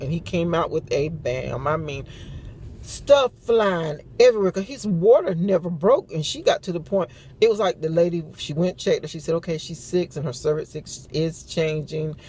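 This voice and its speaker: A woman's voice: sits low, dark tone, a little hiss or hum. A middle-aged woman chatting casually to a phone camera, telling stories with lots of laughter. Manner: chatty storytelling with frequent laughs. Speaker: vlogger. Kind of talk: casual morning chat.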